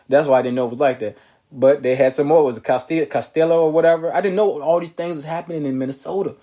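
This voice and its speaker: Slightly high-voiced man hosting a live talk show. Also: quick pace, mellow. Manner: loose and conversational, repeats phrases, reads viewer comments aloud. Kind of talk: casual live-stream commentary.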